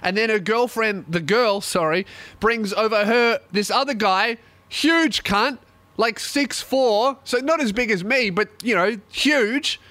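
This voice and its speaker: A man's voice: high-pitched, a little slow, pushed and bright, no room sound. A young man telling a profane comic story, laughing often. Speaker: comedian host.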